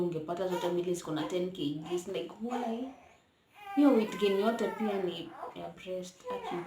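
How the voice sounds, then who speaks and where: A young woman with a Kenyan accent chats through a casual storytime vlog, slipping between English and Swahili. She talks at a medium pitch and sometimes keeps her voice low so the baby won't wake. The home bedroom gives an echoey sound with a faint hiss underneath. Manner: chatty, mixes English with Swahili; hushed at times to let baby sleep. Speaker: vlogger. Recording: roomy echo, faint noise.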